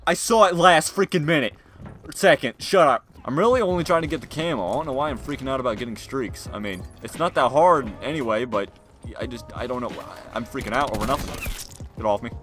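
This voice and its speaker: A young man commentating his own gameplay in a casual, slangy way, muttering to himself and then yelling at the game. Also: mid-range voice, brisk. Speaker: gaming video creator. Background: game music and gunfire.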